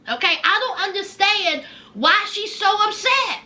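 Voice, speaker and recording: A woman giving sassy, animated casual commentary on a reality show, with folksy asides. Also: very high-pitched, measured pace.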